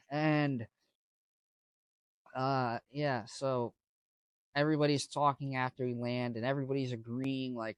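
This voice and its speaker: A man's voice: mid-range voice, steady tone, moderate pace, clear, resonant tone, dry recording. A young man casually telling a story, rambling with lots of fillers and restarts. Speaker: vlogger.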